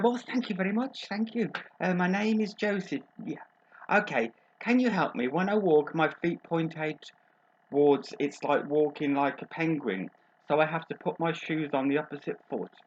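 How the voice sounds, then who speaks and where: A man's voice: fairly high pitch, muffled recording. A man playing a chatty middle-aged female agony aunt from Birmingham who calls everyone darling and drops innuendo. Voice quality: gossipy, innuendo-laden, calls people darling. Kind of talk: comic advice show monologue.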